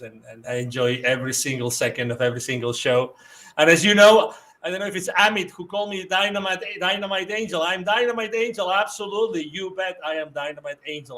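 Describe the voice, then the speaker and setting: Male host, effusive and repetitive, fairly high pitch. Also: fairly bright tone. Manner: effusive, repeats himself, restarts often. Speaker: show host. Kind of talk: live show sign-off, reading viewer messages.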